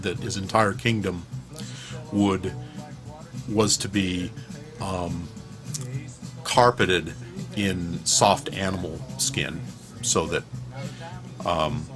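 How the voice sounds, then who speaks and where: A man with a very deep, low voice rambles through a personal vlog from his room at home. He digresses freely, swears, and stumbles through fillers and restarts. Clear music plays behind him throughout. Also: steady tone, takes it slowly, pauses often. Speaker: vlogger.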